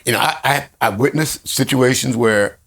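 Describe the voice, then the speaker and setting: A man co-hosting a podcast in casual conversation, halting and repeating words, often laughing. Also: mid-range voice, a bit bright. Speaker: podcast co-host.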